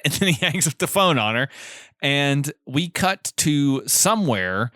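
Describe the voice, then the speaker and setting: Man, podcast co-host, bright crisp voice, dry close mic, laughs often, retelling movie scenes. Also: mid-range voice, lively intonation, normal speed, dry recording. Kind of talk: casual chat recapping a film.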